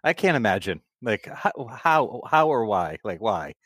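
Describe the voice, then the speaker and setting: A man hosting a casual podcast, animated and quick with laughing asides. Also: on the low side, dry recording, clean studio sound. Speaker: podcast host. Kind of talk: casual chat.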